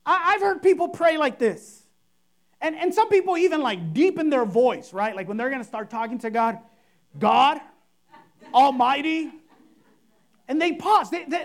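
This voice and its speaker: A woman pastor preaching a sermon, emphatic and repetitive, acting out showy and simple prayers to make her point. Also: high voice. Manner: emphatic, repeats key phrases, mimics overblown prayers.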